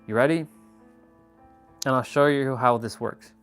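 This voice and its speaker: A man's voice: medium pitch, measured pace, fairly bright tone, clear, resonant tone, soft background music. A man giving casual, intense motivational talk on his live stream, preachy and swearing freely.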